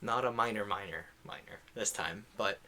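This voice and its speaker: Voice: deep voice, moderate pace, pushed and bright. A game master narrating a tabletop game in a rambling, playful way with many fillers. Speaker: dungeon master.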